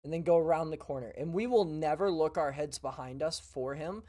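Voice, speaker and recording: A young man co-hosting a casual podcast, laid-back, laughing along and explaining things calmly. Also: fairly high pitch, fairly quick. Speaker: podcast co-host. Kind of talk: casual chat.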